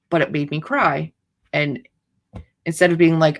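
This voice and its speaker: Low-voiced woman chatting on a livestream. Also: animated, moderate pace, creaky. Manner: chatty, rambling, playfully dramatic. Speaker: author hosting writing sprints. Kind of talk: casual livestream chat.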